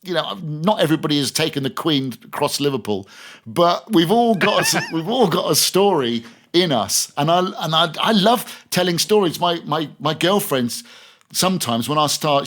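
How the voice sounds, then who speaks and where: A man's voice: fairly high pitch, lively intonation, normal speed, fairly bright tone. A middle-aged man, a radio presenter, chatting as a podcast guest and telling stories with lots of restarts. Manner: rambling storyteller, many restarts. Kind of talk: casual interview chat.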